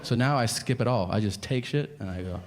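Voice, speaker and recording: A man in his forties doing a profane, deadpan stand-up routine and acting out his exchanges with strangers. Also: lowish voice, brisk, heavy background noise. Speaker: stand-up comedian. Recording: live stage mic over crowd laughter. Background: audience laughter.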